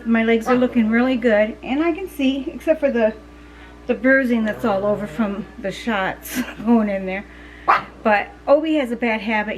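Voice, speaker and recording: A woman's voice: fairly high pitch, low-quality recording. A middle-aged woman vlogger talking casually to her viewers, rambling with fillers and restarts. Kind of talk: casual chat to camera.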